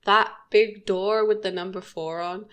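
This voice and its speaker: A woman in her thirties co-hosting a podcast, chatting casually about a TV episode and laughing often. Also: a little slow. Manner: chatty, laughs often, lively pitch jumps. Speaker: podcast co-host.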